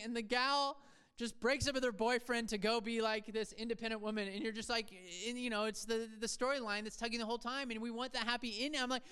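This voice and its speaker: A man preaching a sermon to his church, swinging between soft reflective talk and emphatic rises, with self-deprecating asides. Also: sits high, fairly quick, clean tone. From Seattle area, USA. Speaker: pastor. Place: church sanctuary.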